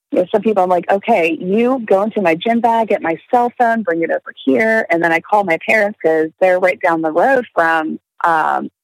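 A woman's voice: on the low side, no room sound, rough recording. A young woman telling a story in casual chat, swearing freely, laughing and acting out the voices of the people in it.

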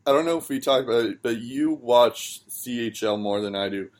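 A man's voice: mid-range voice, moderate pace. A man co-hosting a hockey podcast, chatting loosely with lots of ums and likes. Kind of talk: casual chat.

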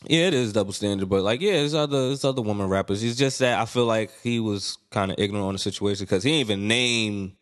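A man's voice: lowish voice, fast, hardly any pauses. A young man co-hosting a casual podcast chat, laid-back and slangy, teasing his co-host.

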